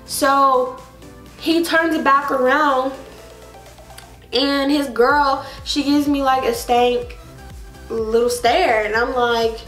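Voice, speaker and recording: A young woman tells a casual storytime in an animated, exasperated and sassy way. Her voice sits a little high. It sounds roomy, with faint music playing underneath. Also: takes it slowly, pauses often. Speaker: vlogger.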